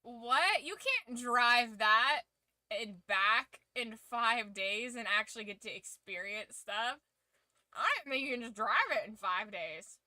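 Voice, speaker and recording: Chatty woman with a bright voice. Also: medium pitch, measured pace, no echo. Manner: chatty, laughs often, swears casually. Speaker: streamer hosting a watch-along. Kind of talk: casual chat.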